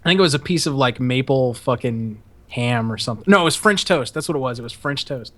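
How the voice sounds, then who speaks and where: A young man hosting a podcast, casually telling a story, swearing often, laughing and acting out shouted quotes. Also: mid-range voice, expressive, fast. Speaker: podcast host.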